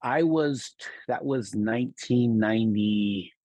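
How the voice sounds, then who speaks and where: Husky man telling a story. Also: lowish voice, a little slow, no room sound. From California. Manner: animated anecdote-telling with quoted voices and stumbling restarts. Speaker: guest, loan officer. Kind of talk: casual storytelling.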